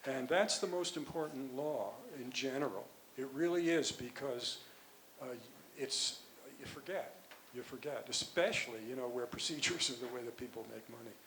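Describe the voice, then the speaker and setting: An older man, a physician and author, answering audience questions at a conference in a rambling, halting way with many restarts. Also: medium pitch, a bit bright, a little hiss or hum, poor audio. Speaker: guest speaker, physician and author.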